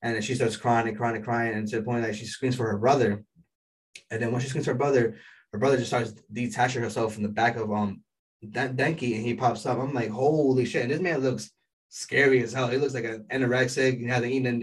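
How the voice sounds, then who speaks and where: Excitable rambling man, mic a bit distant. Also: mid-range voice, fairly quick. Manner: excitable, rambling, heavy on fillers. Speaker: anime episode reviewer. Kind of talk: casual episode recap.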